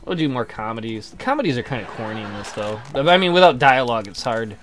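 A man's voice: medium pitch, sing-song, fast, fairly bright tone. Joking man rambling over game music. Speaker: let's play host. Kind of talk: casual game commentary.

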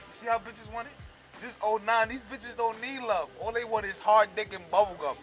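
A man's voice: sits high, fairly quick, rough recording. A man boasting and trash-talking to a handheld camcorder outdoors in front of his building. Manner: brash, cocky, trash-talking. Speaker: featured guest boasting on camera. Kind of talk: profane street boasting to camera. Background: music.

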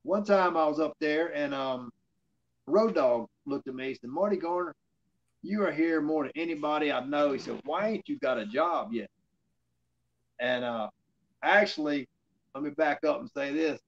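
A man with a drawl tells stories as an interview guest. His voice sits a little high, and he acts out the lines other people said to him. The audio is slightly dull and lo-fi. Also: normal speed. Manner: rambling anecdotes with fillers, acting out quoted dialogue. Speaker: interview guest, former wrestler. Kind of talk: casual storytelling in an interview.

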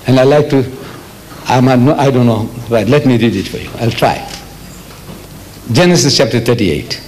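A man's voice: mid-range voice, expressive, moderate pace, long pauses, darkish tone, a little hiss or hum, poor audio. An older man from South Africa giving a public religious lecture, emphatic and repetitive, with frequent rhetorical questions. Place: lecture hall.

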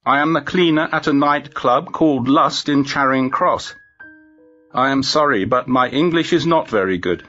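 A man voicing a nervous foreign woman cleaner who speaks careful, halting English. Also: a bass voice, a bit bright, pitched above the performer's own voice. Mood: urgent. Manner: halting, urgent, formal phrasing. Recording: dull lo-fi with faint music.

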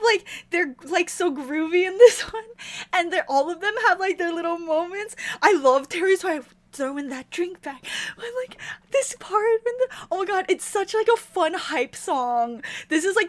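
A woman giving an excited reaction commentary on a music video, gushing and squealing with breathless exclamations. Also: extremely high pitch. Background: faint pop music playing.

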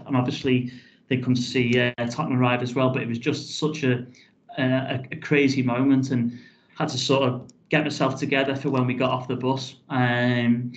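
A man, a football club chief executive, recounting events in a casual podcast interview, rambling and restarting his phrases with many "um"s and "you know"s. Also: mid-range voice. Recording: dull lo-fi audio.

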